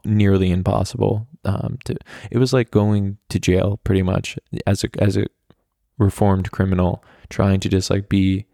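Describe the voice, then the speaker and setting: A low, gravelly American man spins a rambling personal story, leaning on fillers and the odd curse. His tone is dark and mellow, and the recording is close and dry with no room around it. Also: flat delivery, moderate pace, no room sound. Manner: rambling, frequent "like" fillers, candid and profane. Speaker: podcast host. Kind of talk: casual storytelling monologue.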